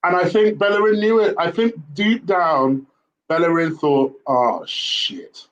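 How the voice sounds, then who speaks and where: A man giving casual football player ratings, relaxed and a little hesitant with many fillers. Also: sits high, normal speed, lo-fi sound. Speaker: host football pundit.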